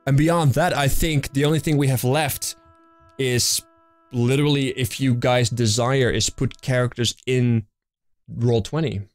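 A man's voice: medium pitch, steady tone, unhurried. A young man running a tabletop game, chatting casually on a live stream and rambling through fillers and restarts. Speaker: game master. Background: faint fantasy music.

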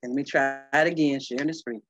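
A woman presenting a historical tribute on a video call, excited and fumbling with screen sharing. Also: a bass voice, quick pace. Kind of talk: casual presentation. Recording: dry, muffled call audio.

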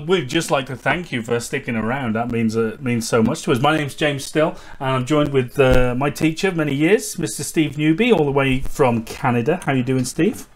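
A man co-hosting a podcast in casual chat, bantering with a laugh and poking fun at himself. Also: medium pitch. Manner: animated, laughing, self-deprecating banter. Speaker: podcast co-host.

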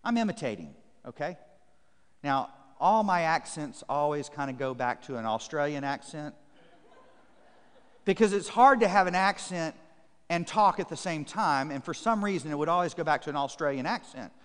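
A man's voice: on the high side, expressive, moderate pace, smooth. Preaching man in a reverberant church. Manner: emphatic, repetitive preaching cadence; reads scripture aloud to the congregation. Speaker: pastor. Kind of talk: sermon. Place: church sanctuary.

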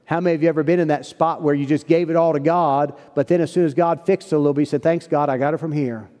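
Folksy pastor preaching in echoey hall. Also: male voice, a little high, steady tone, racing, dark tone. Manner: earnest storytelling, folksy phrasing. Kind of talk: sermon. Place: church sanctuary. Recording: long church hall reverb.

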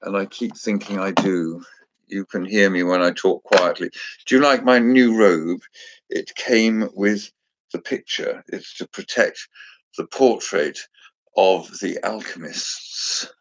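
A man's voice: low voice, takes it slowly. A man hosting a casual chat, joking and chatty with theatrical asides. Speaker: host.

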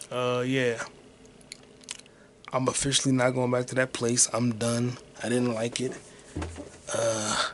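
A man with a gravelly voice hosting a solo podcast, swearing freely as he thinks aloud. His pitch is middling, and his delivery is loose, casual and unscripted. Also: a little hiss or hum. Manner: profane, thinking aloud while searching online. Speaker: podcast host.

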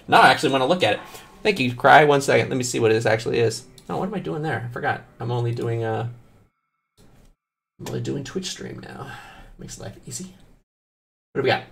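A man's voice: mid-range voice, normal speed, vocal fry, pauses often, faint music behind. A man streaming a video game live, chatting casually with viewers, joking and swearing often. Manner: animated, swears often, jokes with chat.

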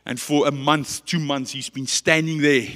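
A man with a South African accent preaching a passionate, dramatic sermon that swings between loud and quiet. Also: a little high, fairly even intonation, normal speed, big-room sound.

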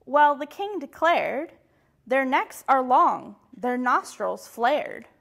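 A woman's voice: high-pitched, sing-song, takes it slowly, vocal fry, fairly bright tone, exaggerated voice. A woman voicing nervous male knights in a rhyming picture book. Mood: uneasy. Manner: whispering worried reports. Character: nervous male knights gossiping about a dragon.

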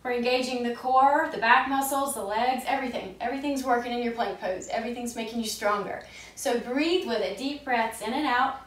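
A woman leading a gentle yoga class, giving calm, soothing cues paced with the breath. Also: a little high, a little fast, distant mic. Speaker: yoga instructor. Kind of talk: gentle guided yoga instruction. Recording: echoey room, voice a bit off-mic.

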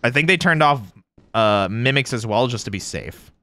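A young man streaming a horror game, chatting casually with friends, joking and jumpy, yelling when scared. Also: medium pitch, lively intonation, fairly quick. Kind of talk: casual gaming stream chat.

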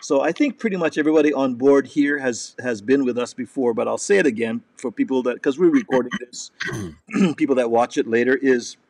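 A man's voice: mid-range voice, a little fast, darkish tone, dry recording. A man hosting a casual live chat show, reading viewer comments aloud and rambling with lots of laughter. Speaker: comedy show host.

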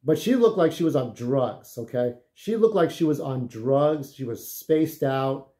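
A man's voice: medium pitch, animated, measured pace, mellow. A man telling casual, rambling stories, full of swearing, who keeps checking in with "okay?". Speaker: vlogger. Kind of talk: casual storytelling.

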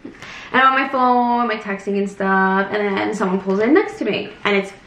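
A woman in her twenties chatting casually on a vlog, telling stories in a lively way and acting out what others said. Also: medium pitch, normal speed. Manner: chatty, animated retelling with acted quotes. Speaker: vlogger. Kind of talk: casual storytelling chat. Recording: echoey room, faint noise.

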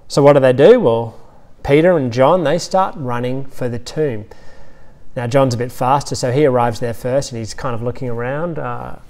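A man with an Australian accent preaching an Easter sermon, retelling scenes with lively storytelling asides. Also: medium pitch, moderate pace. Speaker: pastor.

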